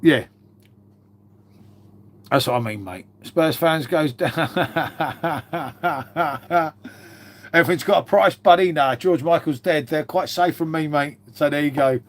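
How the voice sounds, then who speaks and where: A man's voice: a little high, slow. A man chatting casually on a live stream, swearing freely and calling his viewers mate.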